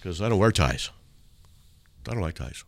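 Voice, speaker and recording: A man's voice: low voice, animated, normal speed, gravelly, no room sound. A man hosting a radio show in a studio, chatting casually and joking. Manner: joking, reads hate mail aloud in mocking voices. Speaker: radio host. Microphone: studio mic.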